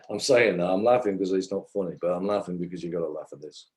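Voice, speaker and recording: Guy ranting on a livestream, low voice, mellow dark tone, swears a lot. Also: fast talker, soft background music, poor audio. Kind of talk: angry livestream commentary.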